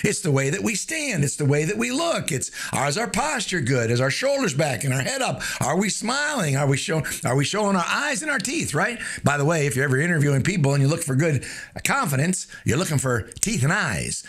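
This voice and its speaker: A man's voice: fairly high pitch, sing-song, a little fast, vocal fry, fairly bright tone, breathy edge. A man hosting a casual motivational talk, folksy and joking, with lots of fillers. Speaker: host of a motivational show. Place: streaming live.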